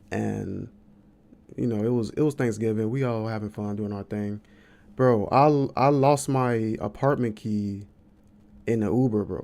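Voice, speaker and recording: This podcast host is a young Midwestern man with a lowish, mellow voice. He tells a story in casual chat, acting out quotes with big leaps in his voice.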